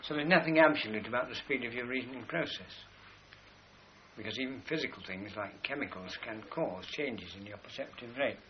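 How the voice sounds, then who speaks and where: A man giving a spoken lecture in a measured, explanatory way, slowing down to stress key words as he points to drawings. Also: mid-range voice, lo-fi sound, a little hiss or hum.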